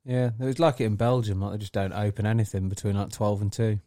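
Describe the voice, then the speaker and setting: A man's voice: on the low side, fairly even intonation, fast talker, dark tone, dry recording, studio quality. A man co-hosting a podcast in casual chat, mostly giving short questions and remarks. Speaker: podcast co-host.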